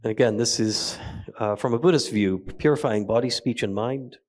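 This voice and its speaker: A man teaching a meditation practice at a retreat, talking slowly and gently with soft pauses. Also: medium pitch. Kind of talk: guided meditation talk. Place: retreat hall.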